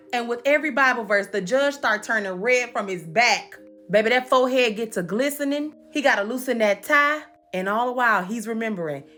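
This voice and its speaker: A woman hosting a comedic recap, telling the story in a sassy, animated way with swearing asides. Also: fairly high pitch.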